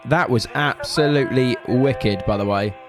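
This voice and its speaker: A young man with a Suffolk English accent gives casual reaction commentary at a mid pitch. He wanders between thoughts and now and then breaks into sung drum rhythms. Faint music plays quietly under his voice. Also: moderate pace. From England (Suffolk). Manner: chatty and rambling, enthusiastic bursts, hums drum rhythms. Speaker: drummer reacting to anime openings. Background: faint music from the videos.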